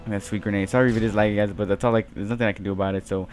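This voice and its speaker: A teenage gaming channel host tells a rambling, filler-heavy story over his gameplay in casual commentary. His voice is lowish and steady, his delivery rapid-fire, with faint music in the background.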